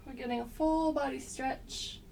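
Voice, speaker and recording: A woman with a slight cold guiding an exercise class, giving gentle, unhurried cues with frequent pauses. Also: high voice, fairly even intonation, creaky, recorded from a distance, a little hiss or hum. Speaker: movement instructor.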